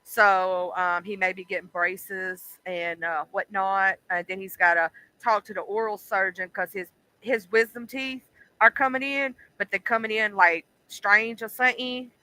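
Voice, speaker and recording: A woman's voice: mid-range voice, fairly even intonation, measured pace, bright, forceful tone, clean tone, low-quality recording. A woman hosting a livestream, chatting casually and profanely with lots of fillers. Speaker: livestream host.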